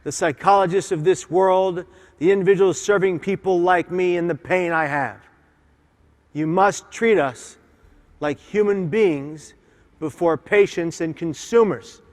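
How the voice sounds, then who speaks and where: Male keynote speaker, high-pitched, passionate and emphatic, in a big reverberant conference hall. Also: a little slow. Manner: impassioned, emphatic, leads audience call-and-response. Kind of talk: motivational keynote speech.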